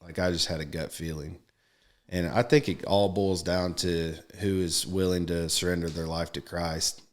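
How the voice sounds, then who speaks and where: A podcast host with a fairly low voice chats casually with his guest. He teases him, laughs easily, and cuts in with quick remarks. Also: level tone. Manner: teasing, laughing, quick interjections. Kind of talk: casual interview chat.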